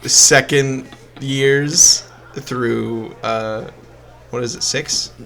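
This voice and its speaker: A man's voice: mid-range voice, fairly even intonation, extremely slow, gravelly, a bit bright. Playful young man riffing on a podcast. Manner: playful, chiming in with absurd additions, laughs often. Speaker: podcast co-host. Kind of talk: improvised comedic storytelling.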